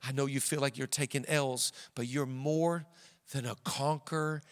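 A man pastor voicing God as a tender, reassuring father, speaking soft and low. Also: fairly even intonation, moderate pace, long reverb tail, close to an everyday voice. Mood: tender reassurance.

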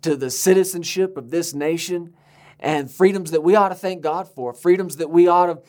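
Fervent American preacher man. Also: darkish tone. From United States. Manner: emphatic, slows to stress key words, rises to high pitch for appeals. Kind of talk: sermon.

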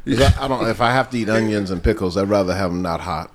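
A man co-hosting a casual podcast, making wisecracks and drawn-out remarks. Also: on the low side. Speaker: podcast co-host. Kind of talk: casual chat.

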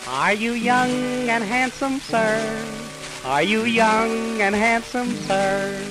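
A singer voicing a fair young maiden in a 1920s comic folk song, slowly repeating pleading sung lines. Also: medium pitch, steady tone, over loud music, close to an everyday voice, poor audio. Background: band accompaniment.

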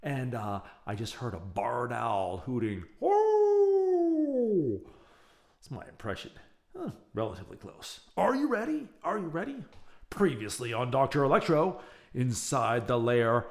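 A man's voice: mid-range voice, expressive, unhurried. A male podcast host chatting and reading a serialized story aloud, with chatty asides. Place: home, near an open window.

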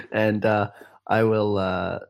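A man playing a tabletop game, talking his way through his plans and often restarting. His voice sits a little low. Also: vocal fry, darkish tone. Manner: thinking aloud, hesitant, many restarts. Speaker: player. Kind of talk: casual tabletop game play.

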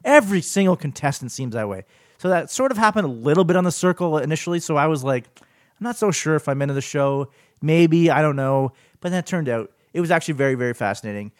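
A man hosting his own podcast in a solo rant, with a lively, swinging delivery. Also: fast talker, no echo, clean studio sound. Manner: animated ranting, swings up and down in pitch. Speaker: podcast host.

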